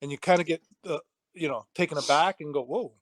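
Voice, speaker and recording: A man's voice: fairly high pitch, fast, no echo. A middle-aged man, a martial arts instructor, telling stories in a casual interview, acting out quoted voices and laughing easily.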